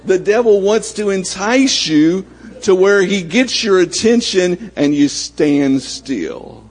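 A man delivering a sermon in a folksy, conversational manner, slipping into bits of acted-out dialogue. His voice is somewhat husky and sits a little higher than most men's. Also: darkish tone. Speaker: pastor.

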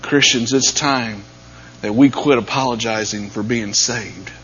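A man preaching a sermon, dropping to near-whispers and then rising to loud, emphatic peaks. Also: medium pitch, a little slow. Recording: dull lo-fi sound with faint mains hum.

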